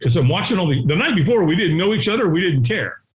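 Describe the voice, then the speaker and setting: A middle-aged man telling a story as an interview guest, acting out the voices of people in it and sometimes shouting. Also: sits high, sing-song, quick pace. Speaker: guest, firewalking instructor. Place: his home.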